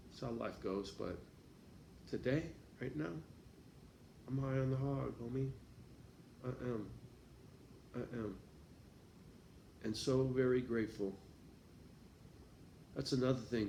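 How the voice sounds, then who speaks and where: A man's voice: mid-range voice, unhurried, creaky, long pauses, a little mellow, echoey room, a little hiss or hum. Profane rambling man vlogging. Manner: profane, rambling, laughs often. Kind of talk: casual vlog monologue.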